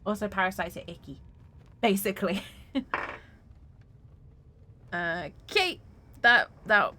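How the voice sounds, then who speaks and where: A woman's voice: medium pitch, takes it slowly, sharp tone, slight background noise. A woman streaming a video game, talking through her choices in a playful, giggly way. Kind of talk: casual gaming commentary.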